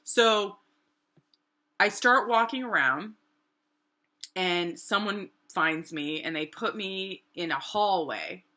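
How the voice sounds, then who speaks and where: A woman's voice: takes it slowly, pauses often. A middle-aged woman from New Hampshire, casually telling her own story and acting out what people said. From New Hampshire, USA. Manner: animated, acts out quoted voices with big pitch jumps.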